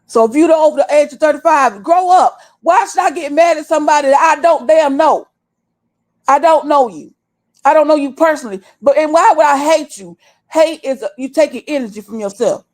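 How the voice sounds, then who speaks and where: A woman's voice: sits high, a little fast, a little mellow. A woman over thirty-five, host of a livestream, scolding her viewers bluntly and with a lot of cursing. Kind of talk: heated livestream rant. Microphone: desktop stream mic.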